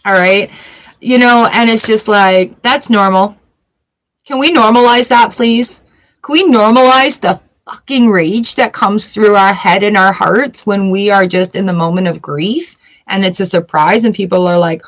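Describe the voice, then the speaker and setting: A woman's voice: mid-range voice, moderate pace. A woman giving a casual live-stream tarot reading, chatty and blunt and swearing freely. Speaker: tarot reader.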